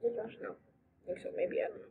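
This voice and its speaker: A young woman giving excitable, giggly commentary while playing a video game. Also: phone-quality sound, slight background noise. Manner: giggly, excitable, quick outbursts. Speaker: gamer. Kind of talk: let's play commentary.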